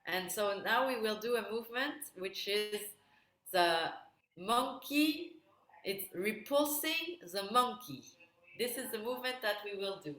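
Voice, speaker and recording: A woman instructor leading an online wellbeing workshop, calmly cueing movements step by step over a video call. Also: mid-range voice, measured pace, recorded from a distance. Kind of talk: guided exercise instruction. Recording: very echoey room, voice away from the mic.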